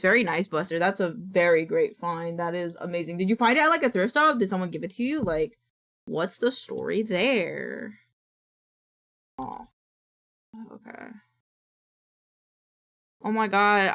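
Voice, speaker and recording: Young woman streamer, casual chat, lively swooping pitch, excitable, swears often. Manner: excitable, swears a lot, reads chat aloud.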